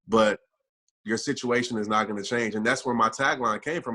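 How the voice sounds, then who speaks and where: A man's voice: on the low side, steady tone, normal speed, bright, forceful tone. A man guesting on a podcast as a motivational speaker, earnest and reflective, speaking from his own experience. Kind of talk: reflective interview talk.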